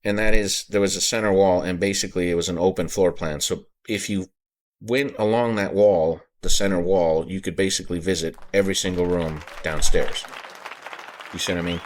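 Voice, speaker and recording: Guy with a really low voice telling his own spooky story, stumbles and repeats, bit choked up. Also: steady tone, some chatter behind. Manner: halting, repeats words, emotional. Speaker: podcast host. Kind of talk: casual personal storytelling.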